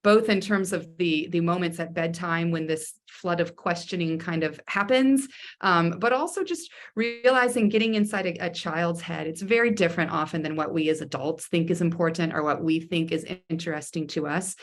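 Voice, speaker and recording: A woman educator addressing parents over a video call. Her voice is somewhat low. She speaks thoughtfully and often restarts her phrases. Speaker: school educator, mother of a young child. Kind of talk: explanatory presentation.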